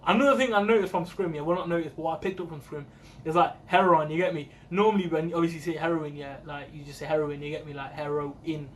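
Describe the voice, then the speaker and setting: Young man, British accent, slangy, swears a lot, slightly high voice, casual reaction video. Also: fast, slight background noise. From United Kingdom. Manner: slangy, swears often, excitable. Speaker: music reaction video host.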